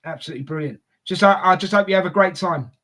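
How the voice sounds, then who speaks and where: A man's voice: high voice, quick pace, fairly bright tone. A man co-hosting a fan livestream, bantering and reacting to a football match live, calling people mate.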